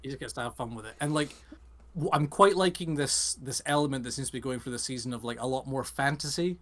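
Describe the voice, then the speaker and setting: A man co-hosting a casual podcast, talking quickly and enthusiastically with lots of fillers. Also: mid-range voice, a bit bright. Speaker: podcast co-host. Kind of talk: casual chat.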